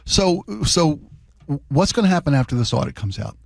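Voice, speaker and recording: A man co-hosting a talk radio show, eager and quick to jump in and finish others' sentences. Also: fairly high pitch, sing-song, no room sound, clean studio sound.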